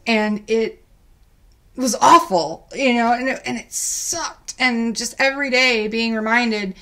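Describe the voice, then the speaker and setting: A woman's voice: fairly high pitch, slow pace. A young adult woman telling a personal story as an interview guest, candid and heartfelt. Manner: candid, heartfelt, often rehashing dialogue in lively quoted voices.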